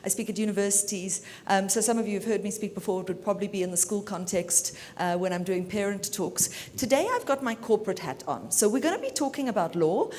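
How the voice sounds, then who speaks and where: A self-assured woman from South Africa talks to a conference audience in a brisk, chatty way. Her voice sits at an ordinary pitch and carries a long hall reverb. A faint low rumble runs underneath. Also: lively intonation, a little mellow. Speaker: conference speaker, media lawyer. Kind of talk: keynote talk.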